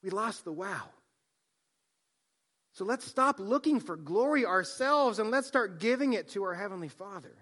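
Bright-voiced man preaching a sermon. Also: sits high, animated, normal speed. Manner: dynamic preaching, swinging from soft hushed endings to loud emphatic lines. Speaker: pastor.

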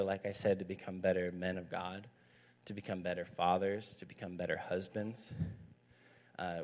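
Man, 30s, youth pastor, sermon, somewhat low voice, conversational, emphatic storytelling. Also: darkish tone.

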